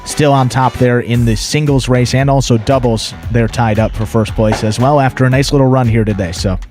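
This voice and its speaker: A man's voice: medium pitch, steady tone, a little fast, darkish tone, faint music behind. A man co-commentating on jai-alai, easygoing, reminding viewers to like and subscribe. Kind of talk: live sports commentary and banter.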